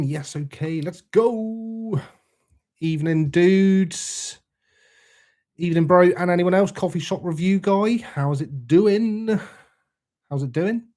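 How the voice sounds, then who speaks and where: This young livestream host has a slightly high voice with a darkish tone. He keeps the live chat casual, cursing freely, staying relaxed, and welcoming viewers by name as he reads chat.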